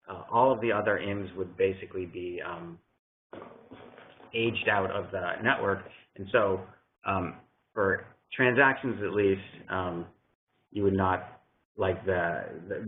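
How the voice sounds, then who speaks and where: A man giving a technical conference presentation, explaining a diagram step by step and pausing often with ums and uhs. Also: low-pitched. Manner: hesitant, many ums and uhs; explanatory, working through a slide aloud. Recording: tinny phone-like sound.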